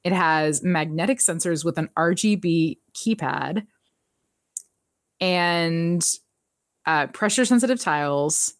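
A woman hosting a podcast, chatting casually as she recaps an episode, telling it in an animated way, laughing often and acting out the characters' lines. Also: on the low side, slow pace, no echo, clean studio sound. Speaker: podcast host.

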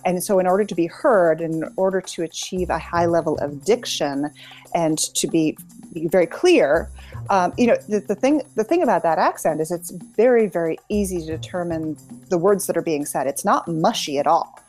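A woman's voice: lowish voice, lively intonation, a little mellow, soft background music. A middle-aged woman from New England chatting casually about a TV show, often restarting her sentences. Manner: halting, many restarts. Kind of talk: casual chat.

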